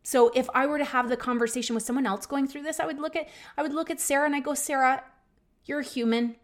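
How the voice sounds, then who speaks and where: A woman's voice: sits high, level tone, rapid-fire. Earnest, reflective woman podcaster. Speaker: podcast host. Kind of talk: personal self-help talk.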